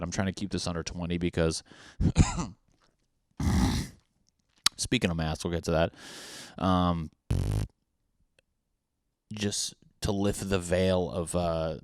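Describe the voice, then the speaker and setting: Low-voiced crude man ranting on a podcast. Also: no room sound, studio quality. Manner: crude, profane, self-mocking, rambling. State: wet cough. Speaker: podcast host. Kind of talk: solo comedic podcast rant.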